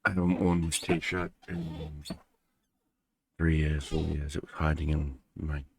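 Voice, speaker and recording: In a very noisy recording, a gaming channel host chats casually in a vlog, his deep voice groggy from a short night's sleep. He speaks slowly and in a monotone, rambling along with dry asides.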